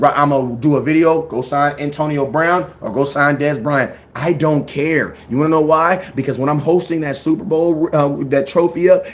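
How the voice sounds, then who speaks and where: A man hosting a sports fan channel, ranting his opinions in a blunt, slangy, animated way. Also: a little high. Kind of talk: fired-up sports opinion rant.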